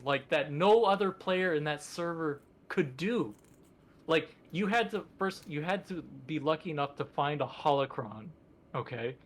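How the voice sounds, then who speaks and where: A man's voice: fairly high pitch, fairly bright tone. A man co-hosting a podcast in casual chat, rambling with enthusiasm and lots of fillers. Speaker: podcast co-host.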